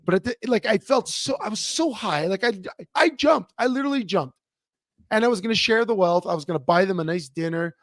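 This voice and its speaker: Man co-host, animated storyteller, slightly high voice, dry sound. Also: a little fast, no room sound. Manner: animated storyteller, many fillers and restarts. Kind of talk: casual sports talk show chat. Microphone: remote computer mic.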